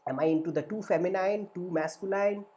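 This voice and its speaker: A man's voice: high voice, a little fast, mellow. Earnest man teaching, lots of "right?". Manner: earnest, repetitive, asks "right?" often; acts out inner voices in quotes. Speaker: therapist and workshop facilitator. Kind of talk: spoken teaching session.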